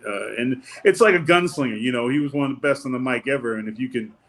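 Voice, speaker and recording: A man's voice: mid-range voice, quick pace. A man telling stories in a casual interview, loose and rambling, acting out the people he quotes. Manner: loose, rambling, with many fillers and restarts. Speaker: wrestling guest.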